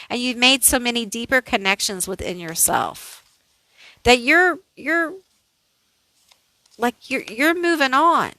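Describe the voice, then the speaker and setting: Woman tarot reader, casual and unhurried, talks it through with lots of "like"s, dry recording. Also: fairly high pitch, pushed and bright, no echo, rough recording. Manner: slow, thinking aloud, chatty with many "like"s. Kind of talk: casual pick-a-card tarot reading.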